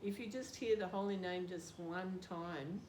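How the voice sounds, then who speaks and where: Mellow and somewhat low, this older Australian woman's voice moves at a measured pace. A devotee being interviewed informally, she tells a story with laughter and self-mocking humor. Background noise is audible in the roomy recording.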